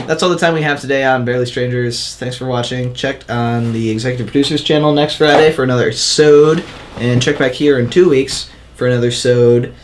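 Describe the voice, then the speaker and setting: Relaxed male host, dry and teasing, mid-pitched, light hiss. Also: a little fast. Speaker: podcast host. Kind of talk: casual chat.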